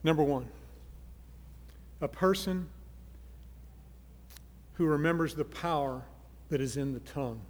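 A man preaching a sermon, earnest, moving from soft pleading to loud emphasis. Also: on the high side, unhurried, long pauses, big-room sound. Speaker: pastor.

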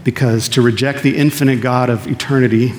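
A man's voice: mid-range voice, steady tone, brisk, a little mellow, slight background noise. Man preaching a sermon in a reverberant hall. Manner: earnest preaching, asks the listeners questions and answers them himself. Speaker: pastor. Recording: long reverb of a large hall.

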